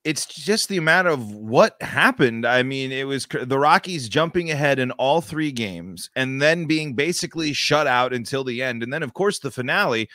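A man's voice: medium pitch, expressive, normal speed, hardly any pauses, bright, forceful tone, no room sound, clean studio sound. A man hosting a sports podcast, ranting emphatically and frustrated, with many restarts. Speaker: podcast host.

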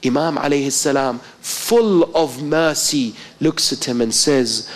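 A man's voice: fairly high pitch, sing-song, measured pace, few pauses. A male preacher giving a sermon, telling a story with impassioned, rising emphasis. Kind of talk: mourning-night sermon.

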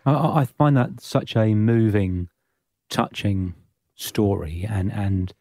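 A man hosting a podcast interview, gently reacting with stumbling restarts. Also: lowish voice, slow, dry recording, studio quality. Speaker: podcast host. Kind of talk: conversational interview.

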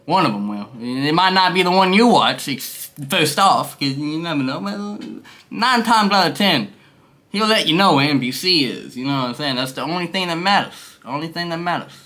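A young man vlogging at home, high and rambling in loose slang, laughing often. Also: expressive, moderate pace, bright, forceful tone. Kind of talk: casual stoned review vlog. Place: his room.

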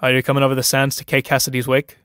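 A man's voice: mid-range voice, monotone, rapid-fire, fairly bright tone, clean tone, no echo, studio quality, close to an everyday voice. A man reading a play aloud, voicing a fat, jovial middle-aged pub landlord in a good-humoured, hearty way.

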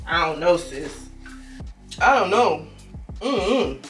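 Young woman doing a try-on haul, bright voice, lots of slang and repeats, bit far from the mic, faint music behind. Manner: animated, slangy, repeats herself, sudden high exclamations. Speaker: fashion vlogger.

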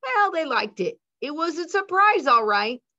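A woman voicing a shy, nervous young schoolboy who talks softly and hesitantly in a storybook reading. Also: sits high, very animated, a little slow, pitched above the performer's own voice, heavily acted. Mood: bright. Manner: hesitant, soft-spoken. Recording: dull lo-fi recording.

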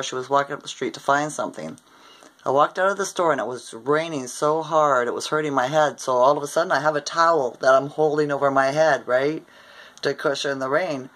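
An older woman from Ontario, Canada, a vlogger, casually recounts a dream in a rambling way, often tagging her sentences with "right?". Her voice sits low with a fairly bright tone, and the recording is rough.

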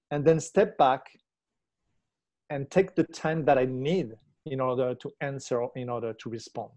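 Mellow-voiced man explaining as a coach. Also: medium pitch, normal speed. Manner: reflective, checks in with tag questions. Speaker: relationship coach. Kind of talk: explanatory interview talk.

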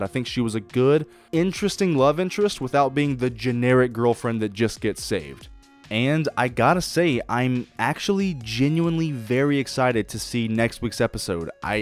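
A man hosting his own podcast, giving a blunt, profane, excitable solo review and acting out quoted lines. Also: mid-range voice. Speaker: podcast host reviewing shows. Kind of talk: casual solo review monologue.

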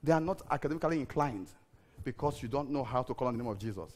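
A middle-aged man, preaching a sermon full of stories, animated and laughing, sometimes breaking into shouted prayer. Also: medium pitch, racing. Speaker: pastor. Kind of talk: storytelling sermon.

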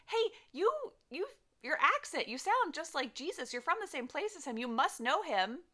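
Lady doing a nosy bystander, pushy and prying, high bright voice. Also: sing-song, moderate pace, full character voice. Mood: accusing. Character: nosy bystander pressing an accusation.

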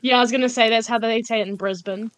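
A woman bantering during co-op gameplay, teasing her partner with deadpan jokes, often quiet and drawn out. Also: a little high, quick pace, no echo, rough recording. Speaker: co-op gaming partner. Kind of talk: casual multiplayer gameplay banter.

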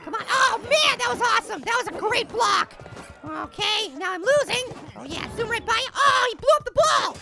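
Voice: very high voice, vocal fry, over music, full character voice. A voice actor playing a tiny, cheeky cartoon apple who plays a basketball video game and trash-talks the opponents. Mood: excited trash talk. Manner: trash-talking, excitable, quick banter at the game. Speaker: gaming channel host. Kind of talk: cartoon character game commentary.

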